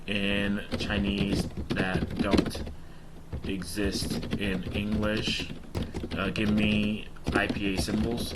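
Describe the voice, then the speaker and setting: A man's voice: on the low side, noisy background. A man casually explaining his language study plan and pronunciation practice to viewers, with chatty filler ums. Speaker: language learner vlogger.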